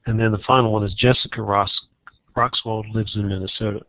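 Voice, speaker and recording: A man teaching a recorded math lesson on logic problems, walking through each problem in a relaxed way and thinking aloud. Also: fairly low pitch, a little fast, muffled recording.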